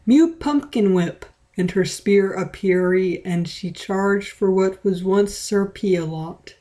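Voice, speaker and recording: A woman's voice: medium pitch, flat delivery, slow, mellow. A woman reading a fan story aloud in a playful, dramatic way, with small stumbles. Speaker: reader. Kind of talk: read-aloud of fan fiction.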